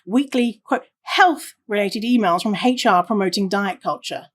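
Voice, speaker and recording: A woman's voice: medium pitch, measured pace, hardly any pauses, slightly rough. A woman hosting a solo podcast, talking casually and reading listener stories aloud. She swears freely and laughs often. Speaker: podcast host.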